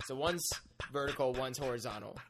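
A man's voice: medium pitch, a little fast, crowd noise. A man co-hosting a casual chat, adding details about a film scene and mimicking gunfire sounds. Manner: chiming in, describes action with sound effects. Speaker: podcast co-host. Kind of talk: casual movie recap chat.

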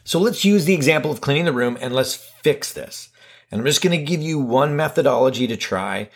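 A man hosting a casual self-help video, talking to camera in an animated, self-mocking way with light swearing and big playful swings in pitch. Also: a little fast. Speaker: video host.

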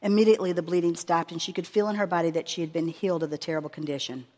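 A woman preacher giving a sermon with a long scripture reading, earnest and measured, stressing her words as she reads aloud. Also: lowish voice, fairly even intonation, warm tone. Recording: long reverb of a hall.

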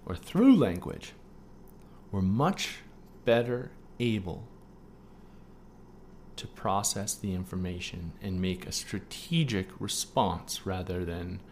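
A man with a somewhat low voice hosts a solo coaching podcast, walking listeners through a writing exercise. He checks in often with "okay?" and mixes earnest teaching with playful asides. A faint background hiss sits under the recording. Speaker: podcast host.

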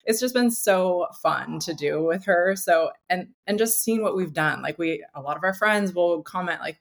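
A woman with a low, gravelly voice speaks earnestly in a casual interview, using lots of "like" fillers. She is a guest entrepreneur. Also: moderate pace, few pauses.

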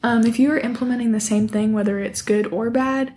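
A woman's voice: fairly high pitch, steady tone, brisk, darkish tone, a little hiss or hum. A young woman co-hosting a horse podcast, chatting and thinking aloud. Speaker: podcast co-host. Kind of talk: casual podcast chat.

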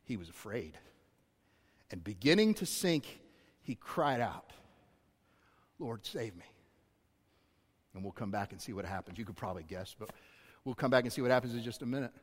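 A man's voice: medium pitch, expressive, normal speed, pauses often. A man preaching a sermon as pastor, speaking conversationally with self-deprecating asides to his congregation. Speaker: executive pastor. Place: church auditorium. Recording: long hall reverb.

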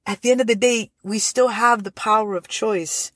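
A woman's voice: on the high side, steady tone, moderate pace, no echo. Earnest woman hosting a faith talk. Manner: earnest, repeats herself with many restarts. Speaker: podcast host. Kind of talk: faith-based motivational talk.

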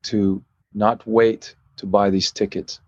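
Rambling actor on a dull line. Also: male voice, on the low side, level tone, slow pace, no echo. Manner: rambling, many restarts. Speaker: actor, interview guest. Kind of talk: interview.

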